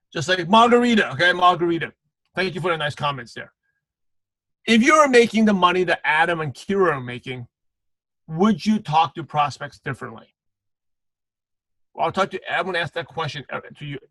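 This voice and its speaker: A man's voice: on the high side, bright, forceful tone, no echo, poor audio. A man giving a motivational sales training on a live video call, calling out viewers by name and repeating punchy slogans. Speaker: guest trainer.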